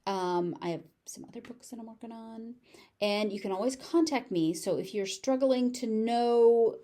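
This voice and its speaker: A woman with a General American accent teaching English pronunciation, saying each word slowly and carefully and repeating it several times. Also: fairly high pitch, mellow.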